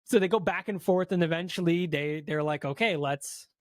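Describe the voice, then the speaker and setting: A podcast co-host with a high-sitting, steady voice casually recaps a film's plot, speaking briskly, acting out characters' lines and using lots of fillers. The recording is dry and studio quality.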